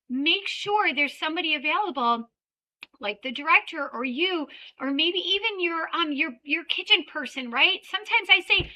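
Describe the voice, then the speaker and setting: A woman giving an energetic training talk for child care owners, peppering her points with "right?" and acting out little scenes. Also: sits high, fairly quick, poor audio. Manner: animated, acts out little scenes with children and parents.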